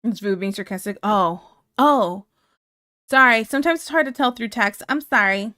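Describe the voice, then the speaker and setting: A woman's voice: medium pitch, animated, moderate pace, a bit bright, dry recording, clean studio sound. A woman live streamer chatting casually with her viewers, blunt and candid, laughing often. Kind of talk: casual chat reacting to viewer comments.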